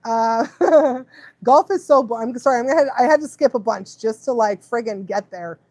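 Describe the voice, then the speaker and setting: Chatty woman livestreaming, high voice. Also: moderate pace, a little mellow, no room sound. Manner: rambling, laughs often, goes off on tangents. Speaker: dog trainer and live stream host. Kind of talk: casual live stream chat.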